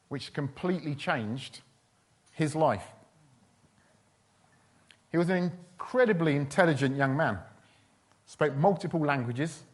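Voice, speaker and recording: A man preaching a sermon in a chatty, humorous storytelling way. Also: a little high. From England. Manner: chatty, humorous, with quoted voices.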